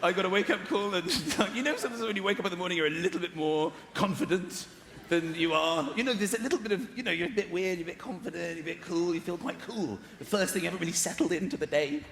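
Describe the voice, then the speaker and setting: A man doing a stand-up routine, telling self-mocking stories in an animated way. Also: high-pitched, fast talker, vocal fry, hardly any pauses, reverberant, slight background noise. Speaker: stand-up comedian.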